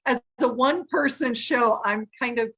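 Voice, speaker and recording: A woman's voice: a little high, normal speed, pushed and bright, husky. A woman hosting a podcast interview over a remote call, chatty, laughing often and making self-deprecating asides. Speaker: podcast host. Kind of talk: casual interview chat.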